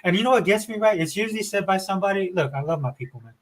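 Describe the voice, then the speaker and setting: A man talking in casual podcast chat, loose and fast, peppering his talk with "dude". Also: high-pitched, animated, fairly bright tone.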